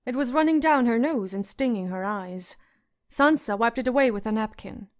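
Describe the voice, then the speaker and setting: A woman narrating a fantasy audiobook in a measured storytelling manner. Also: fairly high pitch, lively intonation.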